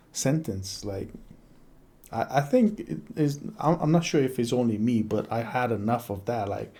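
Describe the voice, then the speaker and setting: Dude reacting to a clip, slow drawl, dark mellow voice, stumbles and repeats words. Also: male voice, medium pitch. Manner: hesitant, repeats words while thinking. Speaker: reaction video host. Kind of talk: casual commentary.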